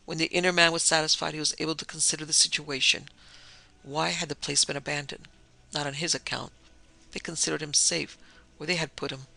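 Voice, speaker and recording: A male storyteller reads a pulp adventure tale with dramatic pacing. His voice is gravelly and strikingly bright, a touch higher than most men's. It is recorded close and bone dry. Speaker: audiobook narrator.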